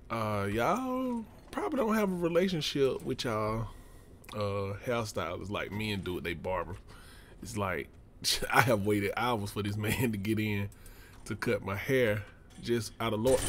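A man's voice: lowish voice, unhurried, a bit bright, a little hiss or hum. A man with a Southern US accent, chatting casually and drawling while playing a survival game on his channel. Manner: laid-back, chatty, drawling. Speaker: let's play gamer. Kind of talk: casual gaming commentary.

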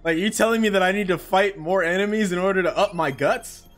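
A man giving casual let's-play commentary, excitable, swearing and reading game text aloud. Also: high voice, brisk, faint music behind. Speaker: gaming channel host.

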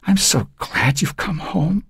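A man's voice: on the high side, expressive, slow pace, creaky, slightly rough, no echo, clean studio sound, pitched above the performer's own voice, full character voice. A man voicing a frail elderly woman who whispers in a shaky voice, in an audiobook reading. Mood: tender whisper. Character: frail old woman, trembling and tender.

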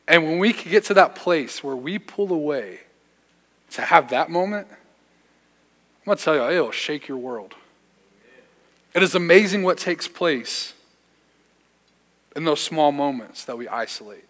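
Young man, youth pastor, casual slangy sermon storytelling, slightly high voice, church hall reverb. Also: animated, unhurried, long pauses, a bit bright. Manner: casual storytelling, slangy, self-deprecating humor. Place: church sanctuary.

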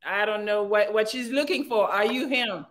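A woman's voice: medium pitch, normal speed. A woman hosting a live call-in chat, who laughs often and teases her guests. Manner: laughing, teasing. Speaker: host.

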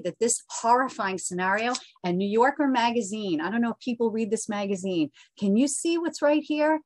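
A woman's voice: mid-range voice, moderate pace, few pauses, a little mellow, no echo. A woman giving earnest, pleading testimony at a remote council hearing over a video call. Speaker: public testifier. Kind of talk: impassioned public testimony.

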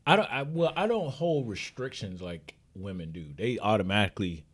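A man's voice: fairly low pitch, animated, normal speed, hardly any pauses, slightly rough. Guy on a chatty podcast, talks loose and jokey, voice bounces all over. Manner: joking, teasing, loose slangy talk. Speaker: podcast co-host. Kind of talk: casual podcast banter.

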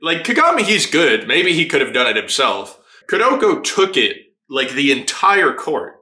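A man hosting a casual anime reaction, excitable, laughing often and swearing freely as he watches. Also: on the high side, normal speed. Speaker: anime reaction channel host. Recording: roomy echo.

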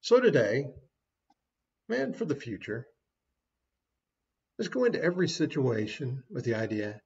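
A man's voice: medium pitch, sing-song, moderate pace, pauses often, a little mellow, lo-fi sound. A man giving a short devotional sermon as a preacher, folksy and conversational with small asides.

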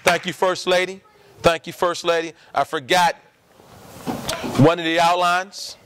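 A man's voice: high voice, flat delivery, unhurried, fairly bright tone, a little hiss or hum. A man preaching a sermon to a church congregation, emphatic and repeating his lines, asking the people questions.

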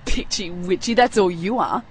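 A man voicing a spiteful woman mannequin who hurls shrill taunts. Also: normal speed, slightly rough. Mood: taunting. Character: spiteful shrieking woman dummy, Solitaire.

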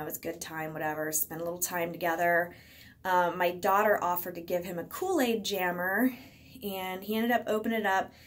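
Chatty mother vlogging at home. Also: fairly low pitch. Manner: chatty, many fillers, acts out quotes. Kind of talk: casual personal vlog. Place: indoors at home.

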